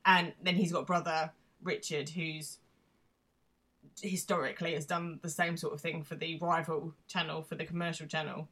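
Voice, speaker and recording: Chatty woman, lowish voice. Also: flat delivery, moderate pace, fairly bright tone. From Britain. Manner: chatty and amused, explains British references. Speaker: podcast co-host. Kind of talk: casual podcast recap chat.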